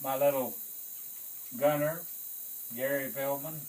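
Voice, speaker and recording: A man, a Vietnam veteran, telling a war story in an animated way, swearing and acting out the voices of others. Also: medium pitch, takes it slowly, poor audio. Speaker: Vietnam veteran recounting service.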